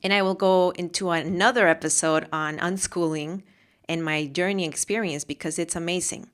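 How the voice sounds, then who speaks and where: A woman's voice: lowish voice, steady tone, moderate pace, smooth. A woman hosting a solo motivational podcast, talking with passion and often repeating phrases for emphasis. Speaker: podcast host and mentor.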